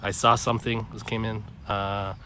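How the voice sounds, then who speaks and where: A man co-hosts a live stream outdoors and reads viewer questions aloud, pausing and stumbling as he goes. His voice is bright and forward. Faint outdoor noise sits behind him. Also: on the low side, flat delivery. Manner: reads out comments and prompts, halting. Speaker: podcast co-host reading viewer comments. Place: outdoors by train tracks.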